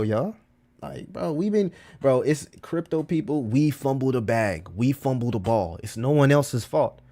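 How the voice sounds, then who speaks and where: A man talking casually to his livestream chat, full of slang, repeating himself and calling listeners bro. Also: on the high side. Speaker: crypto livestreamer.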